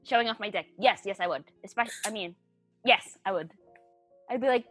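Woman, husky, bright, lively, giggly and sweary, casual chat, faint music behind. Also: mid-range voice, brisk. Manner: giggly, swearing, playful guessing.

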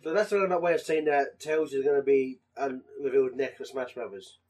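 A man's voice: mid-range voice, brisk, darkish tone. A man in casual podcast chat, trading joking, profane banter.

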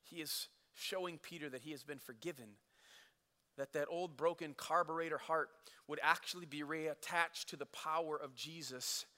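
A man preaching a sermon, telling a story casually and acting out the quotes, swinging from loud to hushed. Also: fairly high pitch, in a large hall. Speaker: pastor.

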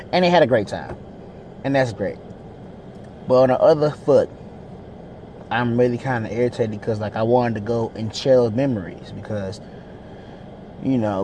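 Young guy, solo podcast host, casual and frustrated rambling with lots of swearing, middle-pitched voice, faint traffic hum behind. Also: darkish tone.

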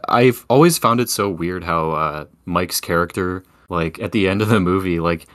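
A man's voice: sits low, moderate pace, no echo, studio quality. A man co-hosting a podcast, talking casually about a film with frequent fillers and hesitations. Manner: relaxed, hesitant, lots of fillers. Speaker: podcast co-host.

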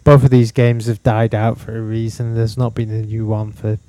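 A man on a gaming podcast, casual chat full of quick wisecracks. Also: fairly low pitch, level tone, mellow. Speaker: podcast co-host.

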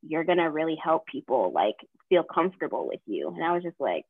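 A young woman from the American South talks through a casual podcast chat, her voice sitting a little low. She strings her thoughts together with constant fillers and animated retold quotes. The sound is thin and phone-like, with no room around it. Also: brisk, no room sound. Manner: chatty, fillers, lively retelling of quotes. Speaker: podcast co-host; counseling graduate student.

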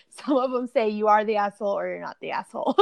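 A woman co-hosting a chatty podcast, reading posts aloud in a lively way. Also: mid-range voice, quick pace, gravelly, no echo.

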